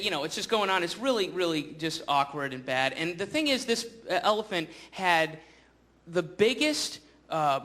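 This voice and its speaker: A man doing a stand-up comedy set on a live stage, rambling through a story full of fillers and restarts. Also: a little high. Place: live theater stage before an audience. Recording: live show with loud crowd noise.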